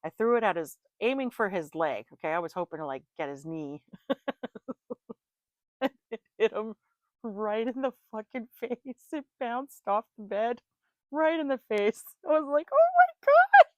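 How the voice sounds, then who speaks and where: A middle-aged woman giving a casual tarot reading, rambling into animated personal stories and laughing often. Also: mid-range voice, moderate pace, pauses often, no echo. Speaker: tarot reader.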